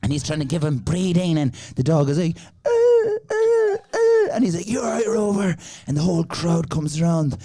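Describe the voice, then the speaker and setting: Man, mellow tone, fairly high voice, rambling improvised storytelling, comedy podcast. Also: fairly quick, few pauses, slightly rough. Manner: rambling, animated, acts out voices.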